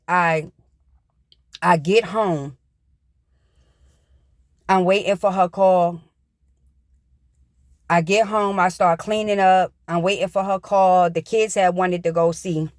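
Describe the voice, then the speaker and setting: A woman's voice: lowish voice, a little mellow, dry recording, clean studio sound. Middle-aged woman telling a personal story. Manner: plain, repetitive retelling with casual slang. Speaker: vlogger.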